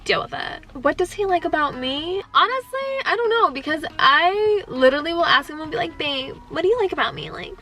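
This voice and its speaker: A woman's voice: sits high, animated, brisk, hardly any pauses, sharp tone, soft background music. A young woman answering viewer questions in a casual vlog, playful and joking as she chats. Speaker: vlogger.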